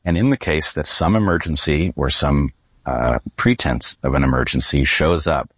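A man with a very low voice speaks as an interview guest. He argues in a deliberate, grave, emphatic way. The sound is dry and close. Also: a bit bright, dry recording. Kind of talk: measured spoken argument.

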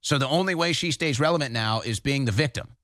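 A man's voice: mid-range voice, fast, a bit bright, dry recording, studio quality. A man hosting a political talk show, delivering emphatic, combative commentary.

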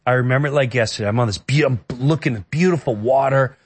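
A man's voice: mid-range voice, fast talker, husky. A middle-aged man from the New York area telling a personal story in a conversation, earnest and emotional, often stopping and restarting his sentences. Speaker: guest.

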